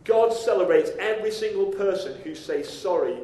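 Preaching in a church hall, this man has a voice that sits high with a dark tone and a normal speaking speed. His sermon is conversational, full of questions aimed at his congregation. The echoey recording carries a little hiss or hum.

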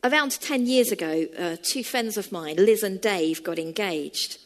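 A woman preaching a sermon and telling a story in a measured, storytelling manner. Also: medium pitch.

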